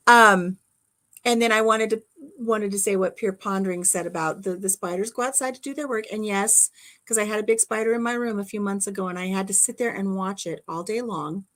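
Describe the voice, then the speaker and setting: Brief: middle-aged woman host, lively storyteller, acts out scares, laughs a lot. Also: medium pitch. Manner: animated storyteller, acts out shrieks and whispers, laughs often. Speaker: channel host. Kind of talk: casual storytelling chat.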